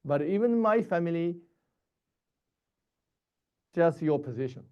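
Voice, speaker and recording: A man giving a Buddhist dharma teaching in short, halting, repetitive phrases. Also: a little high, expressive, clear, resonant tone, muffled recording.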